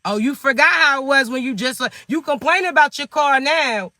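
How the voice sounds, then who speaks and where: A man's voice: extremely high pitch, normal speed, sharp tone, dry recording. A man giving spiritual advice in a monologue, scolding the listener with teasing rhetorical questions. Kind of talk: motivational monologue to viewers.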